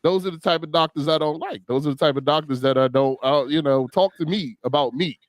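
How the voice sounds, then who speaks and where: Animated storytelling man in his forties. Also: on the high side, a little fast, no echo. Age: 40s. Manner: animated storytelling, acting out quotes. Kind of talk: casual chat.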